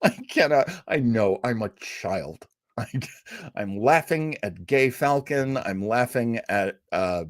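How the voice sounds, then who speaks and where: A man hosts a live stream in relaxed chat, reading out comments and laughing along. His pitch swings about animatedly while his pace stays slow and easy. The sound is close and dry. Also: dry recording. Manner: chatty, reads viewer comments aloud, laughs often. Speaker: host.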